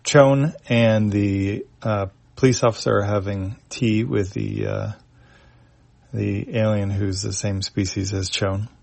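A man reading a comic aloud, describing panels with halting phrasing and fillers. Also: lowish voice, level tone, creaky, a little mellow, no echo. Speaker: reader of a webcomic.

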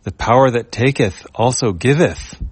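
A man's voice: medium pitch, expressive, normal speed, slightly rough, dry recording, pitched above the performer's own voice. A man voicing a small, formal talking robot mouse in a comic story reading. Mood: prim.

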